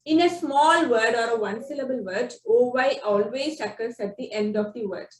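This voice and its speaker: A woman teaching phonics, explaining spelling rules slowly and sounding out example words one by one. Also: fairly high pitch. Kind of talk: slow instructional explanation. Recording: echoey room, distant from the mic.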